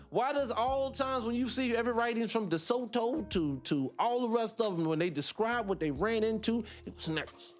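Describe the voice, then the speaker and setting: High-voiced man ranting on a livestream. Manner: rhetorical questions, wry laughs. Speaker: livestream host. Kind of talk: casual livestream monologue.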